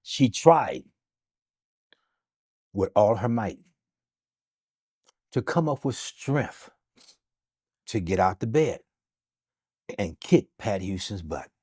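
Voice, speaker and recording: Animated man telling a story. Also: fairly low pitch, slow pace, long pauses, breathy edge. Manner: animated, repeats phrases, acts out quotes. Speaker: interview guest. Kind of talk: emotional storytelling.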